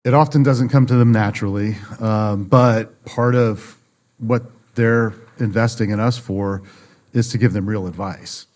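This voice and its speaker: A man with a fairly low voice talks easily on a podcast, recorded at a conference. He tells business stories and acts out the voices of the people in them. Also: fairly even intonation, measured pace, a little mellow. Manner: storytelling, acts out quoted dialogue. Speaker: book publishing guest. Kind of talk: conversational podcast interview. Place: conference venue.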